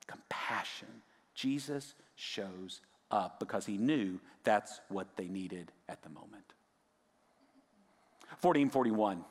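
A male pastor preaching a sermon, swinging from raised emphasis down to hushed, near-whispered lines. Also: on the low side, animated, slow pace, pauses often, long reverb tail.

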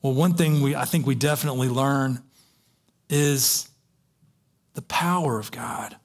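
A man preaching a sermon, telling a story in an animated way with many restarts. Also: medium pitch, unhurried.

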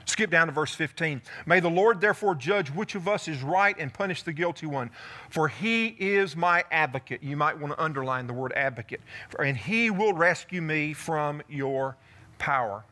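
A man preaching a sermon to a church congregation, retelling a Bible story and speaking David's words in first person with animated delivery. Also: fairly high pitch, normal speed. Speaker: pastor.

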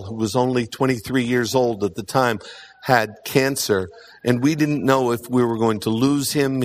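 A man of middle pitch delivers a sermon with earnest conviction. He drives his points home through repetition. He often fills his pauses with a soft "uh". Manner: earnest, emphatic repetition, frequent "uh" fillers. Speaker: preacher.

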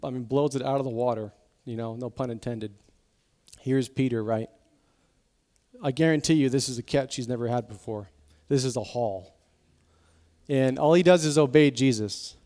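A man pastor giving a sermon in a conversational, emotional way, sometimes dropping to soft, intense tones. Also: mid-range voice, moderate pace, pauses often. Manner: conversational preaching, acts out quoted voices.

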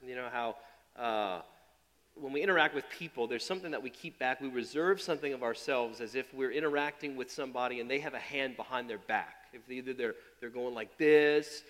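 A man preaching a sermon. His delivery swings from loud, emphatic build-ups to quiet, low asides, and he often repeats and restarts phrases. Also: fairly quick, long reverb tail. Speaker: pastor.

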